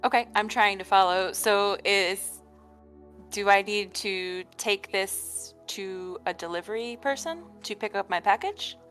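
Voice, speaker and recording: A woman's voice: mid-range voice, a little slow, a bit bright, faint music behind. A woman playing her character in a tabletop game, speaking hesitantly and laughing often. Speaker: player.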